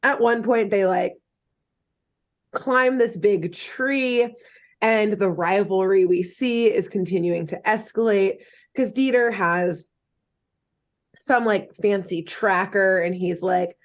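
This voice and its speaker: A woman's voice: medium pitch, slow pace. A woman co-hosting a podcast, retelling a cartoon episode in a jokey, rambling way with many fillers and laughs. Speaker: podcast co-host recapping a cartoon. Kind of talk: casual chat.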